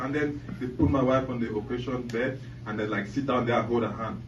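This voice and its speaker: A stand-up comedian on a comedy club stage delivers a loose, profane set, often laughing at his own jokes. His medium-pitched voice is fast and fairly flat, with the highs cut off. It's recorded from a distant mic in an echoey club with loud noise.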